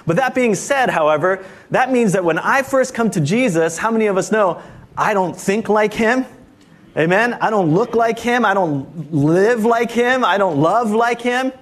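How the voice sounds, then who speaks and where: High-voiced male pastor preaching. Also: expressive, normal speed. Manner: emphatic, repeatedly asks "Amen?". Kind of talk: sermon. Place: church service.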